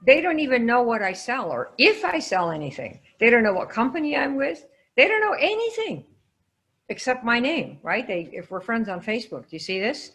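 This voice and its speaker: An energetic woman leads a live online coaching class. She quizzes her listeners and calls on them by name, keeping the pace brisk and engaging. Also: on the high side. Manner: lively, quizzing the audience. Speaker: sales trainer.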